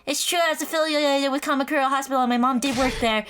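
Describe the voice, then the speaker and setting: Woman reading a high-voiced, earnest girl soldier from a game, quick and insistent. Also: steady tone, a bit bright, slight background noise. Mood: pleading. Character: young female student soldier, guarded and pleading.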